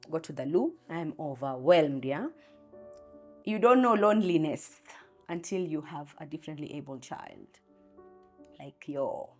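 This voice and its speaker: A woman's voice: low voice, darkish tone. A young Kenyan mother telling a raw, candid personal story about a hard day.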